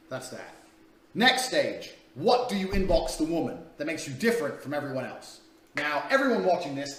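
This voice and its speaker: A man's voice: on the high side, fairly bright tone. A man coaching in a crude, blunt, profane way, talking through a paid dating course. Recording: echoey room, distant mic, faint ambience.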